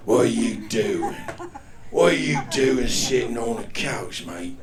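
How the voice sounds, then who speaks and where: A man's voice: medium pitch, lively intonation, a little slow, reverberant, a crowd in the background, pitched below the performer's own voice, lightly acted. A man putting on a mean Cockney inner voice. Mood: scolding. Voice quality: scolding, profane. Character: harsh, mean male inner voice berating him.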